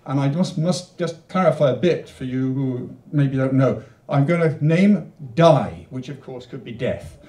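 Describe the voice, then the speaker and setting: A man's voice: medium pitch, measured pace, hardly any pauses, warm tone. A male poet introducing and reading his own rhyming poems, chatty in his asides and rhythmic in the verses. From Wales. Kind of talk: poetry reading with spoken introductions. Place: literature venue hall. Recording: roomy, distant mic.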